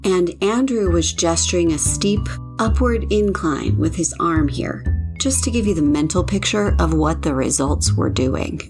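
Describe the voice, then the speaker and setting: A woman's voice: fairly low pitch, animated, unhurried, over music. Friendly woman hosting a podcast interview. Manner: friendly, guiding, lightly joking. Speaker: podcast host. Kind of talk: podcast interview over video call. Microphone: video call.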